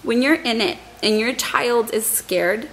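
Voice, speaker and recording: A woman's voice: fairly high pitch, a little slow, a bit bright, rough recording. A young woman vlogger who is still shaken up, telling a long story in a rambling way and often repeating her words. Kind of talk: emotional storytime vlog.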